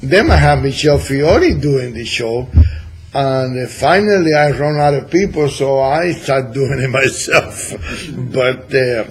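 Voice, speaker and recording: A middle-aged man with a Cuban Spanish accent, hosting a radio talk show in casual chat, halting with many fillers. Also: medium pitch, poor audio.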